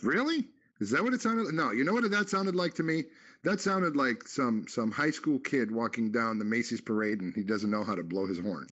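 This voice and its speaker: A man co-hosting a goofy call-in radio chat, bouncing his voice up and down in a playful, mock-announcer way. His pitch swings widely from line to line. The sound is dull and lo-fi, like audio passed through a walkie-talkie app. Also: expressive, a little fast, fairly bright tone. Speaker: co-host.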